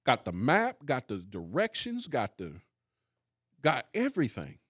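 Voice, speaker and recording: A male pastor hosting a relaxed faith discussion, with a voice of middling pitch for a man. He stresses his points by saying them again and again. The sound is dry and close. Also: a little slow, breathy edge, no room sound. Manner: emphatic, repeats key lines for emphasis. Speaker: pastor and podcast host.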